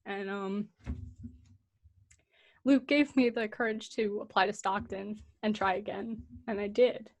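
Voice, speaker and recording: A woman in her twenties from the American Northeast talks casually on a podcast. Her voice sits in an ordinary middle pitch, and she grows emotional and tearful as she reflects, laughing through it. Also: steady tone, a little slow, pauses often. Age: 20s. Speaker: podcast co-host.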